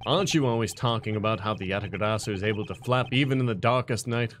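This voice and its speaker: Brief: a man playing a composed male prosecutor, low-pitched, dry and measured. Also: fairly bright tone, lightly acted.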